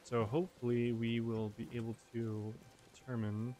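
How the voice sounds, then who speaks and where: A man's voice: medium pitch, flat delivery, moderate pace, mellow. Chatty man narrating his gameplay. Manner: chatty, jokey, talks to himself. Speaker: gamer narrating his play. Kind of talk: casual let's-play commentary. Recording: game music behind the voice. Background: game music.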